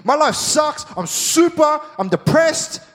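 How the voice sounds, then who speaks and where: A man's voice: extremely high pitch, lively intonation, slow pace, a bit bright, big-room sound, voice pushed up, full character voice. A man voicing a weary churchgoer who vents bluntly and honestly to God. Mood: weary venting. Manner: frustrated, blunt venting.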